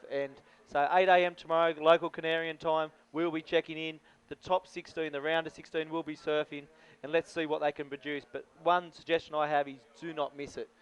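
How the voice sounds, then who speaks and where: A man's voice: a little high, smooth. A man wrapping up his segment, upbeat and urging viewers to watch live. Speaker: event presenter. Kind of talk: sign-off announcement. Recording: slightly dull audio.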